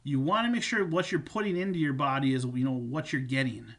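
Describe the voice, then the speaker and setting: A man's voice: medium pitch, brisk, a bit bright. A man coaching viewers on supplements and nutrition, talking casually and repeating his points with fillers. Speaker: fitness coach. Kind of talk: instructional talk on supplements.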